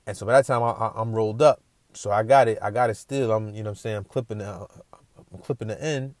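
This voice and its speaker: A man's voice: fairly low pitch, fast, a little mellow, dry recording. A man telling a casual story as a podcast host, slangy and repeating himself while checking in with the listener.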